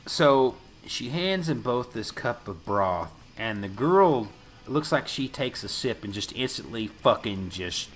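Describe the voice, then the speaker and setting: A man's voice: mid-range voice, expressive, a little slow, faint music behind. A man co-hosting a casual podcast, recapping a movie scene by scene, swearing often and acting out lines. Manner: profane, laughing, acts out film lines. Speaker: podcast co-host.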